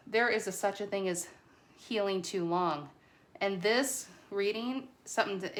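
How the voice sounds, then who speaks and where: A woman doing a casual tarot reading to camera, chatty and excitable, a little nervous and stumbling over her words. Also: fairly low pitch. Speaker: tarot reader.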